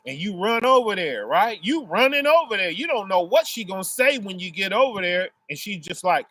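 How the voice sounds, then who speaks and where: Guy preaching casual, kinda high voice, keeps going "right?", dry close sound. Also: sing-song, moderate pace, bright, forceful tone, no echo. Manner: asks "right?" after nearly every phrase; explains through everyday family examples. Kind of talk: casual street sermon.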